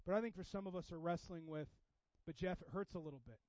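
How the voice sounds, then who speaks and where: A man preaching a sermon in a casual, animated way, with sudden loud bursts. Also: high voice, fast talker, no room sound, highs cut off. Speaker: pastor.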